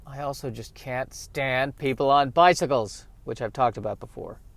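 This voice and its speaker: A man hosting a solo podcast, rambling in a halting, self-mocking way with frequent restarts, while on the way to work in his car. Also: mid-range voice, vocal fry. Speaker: podcast host. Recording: road noise from a moving car.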